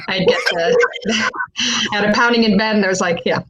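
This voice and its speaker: A woman's voice: medium pitch, steady tone, normal speed, pauses often, sharp tone, poor audio. Frank, profane woman telling a story. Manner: switches between English and Spanish. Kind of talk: live personal storytelling.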